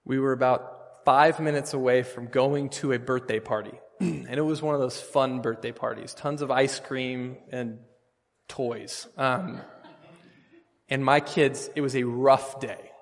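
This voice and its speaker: A pastor preaching a sermon, earnest and storytelling, with emphatic bursts. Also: male voice, mid-range voice, fairly even intonation, unhurried, long reverb tail.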